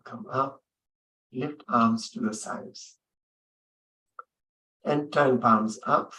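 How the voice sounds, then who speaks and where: A man leading a yoga class, giving gentle, unhurried spoken cues with long pauses between them. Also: medium pitch, recorded from a distance. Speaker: yoga instructor. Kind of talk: guided yoga instruction. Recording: roomy sound from off-mic.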